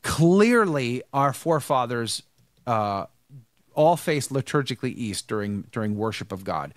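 Male host, lively up-and-down delivery, emphatic, stumbles and restarts, tired, dry mic. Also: mid-range voice, unhurried, dry recording. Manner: emphatic, repeats himself, many restarts. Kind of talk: casual live show commentary.

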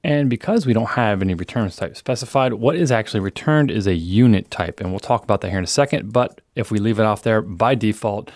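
Low-voiced male instructor, casual walkthrough of code on screen, dry close-mic sound. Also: fairly quick, hardly any pauses, a little mellow, no room sound. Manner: casual explanatory, reads program output aloud. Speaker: programming instructor. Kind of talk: screencast coding lesson.

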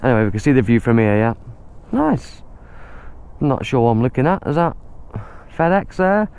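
A man's voice: mid-range voice, very animated, moderate pace, a little mellow, smooth. A man, out of breath, giving chatty running commentary while riding an e-bike through muddy woods outdoors. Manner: chatty, exclaims at the mud.

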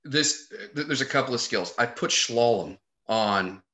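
Man, podcast guest, actor-comedian, bright tense voice, animated storytelling, casual swearing. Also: medium pitch, unhurried. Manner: animated storyteller, swears freely, acts out quotes.

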